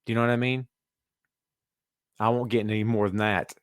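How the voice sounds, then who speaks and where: A man's voice: on the low side, little pitch movement, a little fast, smooth, no room sound, clean studio sound. A middle-aged man hosting a casual wrestling podcast, rambling and joking as he talks to his co-hosts and listeners. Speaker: podcast host.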